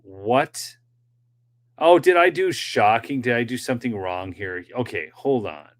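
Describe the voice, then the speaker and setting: A man's voice: mid-range voice, animated, measured pace. A man hosting a political commentary livestream, chatting directly with his viewers in a loose, rambling way with many fillers. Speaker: political commentary show host.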